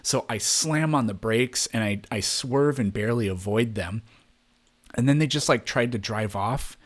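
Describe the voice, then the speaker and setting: Guy rambling through a story on a podcast, cussing a lot, middle-pitched voice. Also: moderate pace. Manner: rambling, swears freely, acts out quoted people in raised voices. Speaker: podcast co-host. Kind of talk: casual storytelling chat.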